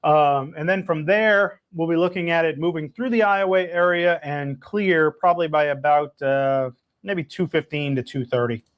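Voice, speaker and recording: A slightly hoarse man, a meteorologist, giving a relaxed, conversational live weather briefing and answering viewer reports. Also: on the high side, normal speed, muffled recording. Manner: relaxed, conversational, plenty of filler words. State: hoarse, losing his voice.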